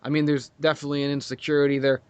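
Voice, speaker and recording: Man, higher voice, swears constantly, laughs through his stories, dry mic. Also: level tone, racing, clear, resonant tone, no room sound. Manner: profane, storytelling, laughs a lot. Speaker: podcast guest. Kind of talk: casual crude podcast chat.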